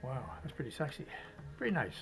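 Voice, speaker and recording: A man demonstrating fly tying step by step, chatty and relaxed, talking to himself as he works. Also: mid-range voice, fast, vocal fry, over music, poor audio. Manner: chatty, talks to himself while working, chuckles.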